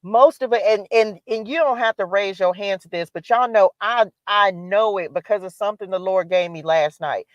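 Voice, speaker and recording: A woman's voice: mid-range voice, normal speed, few pauses, no room sound. Woman preaching hard at her live audience. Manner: emphatic, preachy, repeats calls to action. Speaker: spiritual live-stream host. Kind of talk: motivational spiritual talk. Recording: dull lo-fi dry sound.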